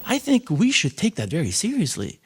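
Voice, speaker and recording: A man teaching a scripture class in a temple, lecturing in an animated, conversational way with frequent fillers. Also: a little high, a little fast, slightly rough.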